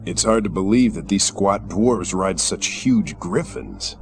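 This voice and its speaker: A young orc hero with a gravelly, lively voice, remarking dryly on what he sees. Faint game music sits underneath. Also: low-pitched, a little slow. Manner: dry, matter-of-fact remarks. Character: young male orc hero in disguise, steady. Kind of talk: 1990s adventure game voice acting.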